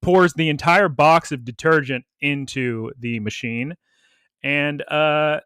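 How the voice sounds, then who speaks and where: A man co-hosting a casual podcast, animatedly retelling a cartoon episode with quick quoted voices and laughs. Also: fairly high pitch, animated, a bit bright, smooth, dry recording, studio quality. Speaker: podcast co-host.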